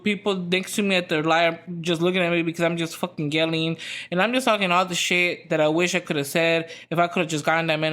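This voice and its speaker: A woman's voice: lowish voice, a bit bright. A young adult woman hosting a podcast, telling a story in a casual, profane, rambling way full of fillers. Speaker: podcast host.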